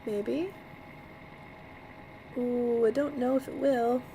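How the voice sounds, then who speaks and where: A woman's voice: a little high, steady tone, takes it slowly, dark tone, slight background noise, poor audio. A woman reading a mystery novel aloud on a livestream, chatty, laughing often and breaking off to comment. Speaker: livestream book reader. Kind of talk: casual read-aloud livestream.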